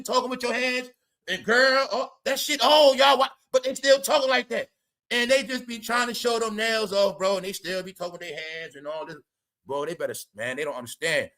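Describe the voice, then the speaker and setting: High-voiced animated male commentator. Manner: animated, profane, rambling. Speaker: commentary show host. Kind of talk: casual reaction commentary.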